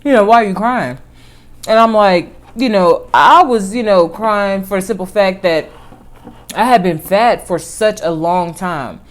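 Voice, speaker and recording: A woman vlogger telling a personal story in casual chat, animated, with lively swings in pitch and volume. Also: a little slow.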